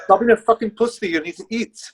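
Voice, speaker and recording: A man's voice: sits high, quick pace, pitched above the performer's own voice. A man imitating a blunt, bossy male Russian bodybuilding coach who orders him to eat. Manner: gruff, commanding, swearing.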